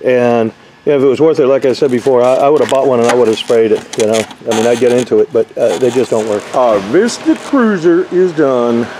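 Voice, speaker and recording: Brief: working roofer, mellow, folksy, chatty, faint hiss behind. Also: male voice, mid-range voice, brisk, rough recording. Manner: folksy, rambling, lots of fillers. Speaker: RV roof installer. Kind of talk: casual job-site walkthrough.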